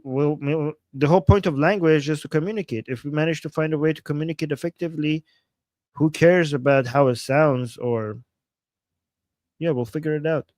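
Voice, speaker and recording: A man's voice: on the high side, darkish tone, no echo. A man hosting a casual livestream in his non-native English, reading viewer comments and often restarting his sentences earnestly. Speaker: livestream host.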